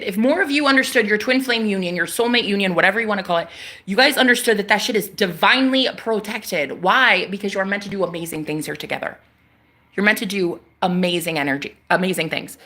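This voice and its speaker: A woman's voice: medium pitch, fast talker, bright, forceful tone. A young woman talking to her followers as a psychic vlogger, emphatic and slangy, swearing freely as she preaches about spiritual matters. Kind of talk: casual spiritual vlog monologue.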